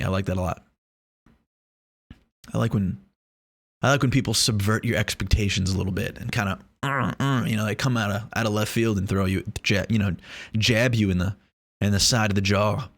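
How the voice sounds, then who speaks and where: A man's voice: fairly low pitch, normal speed, long pauses, fairly bright tone. A man vlogging in a casual, rambling way, joking and swearing as he talks to the camera. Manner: rambling, joking, profane, many restarts.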